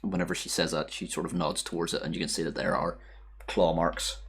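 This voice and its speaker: A man narrating as dungeon master, describing scenes with frequent pauses and fillers. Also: low voice, flat delivery, a bit bright. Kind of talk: narrating a tabletop game.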